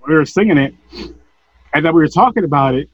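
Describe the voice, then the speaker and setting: A man's voice: a little high, lively intonation, fast, breathy edge, no room sound. A man chatting casually about a movie, laid-back and swearing freely. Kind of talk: casual movie review chat. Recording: dry, dull lo-fi audio.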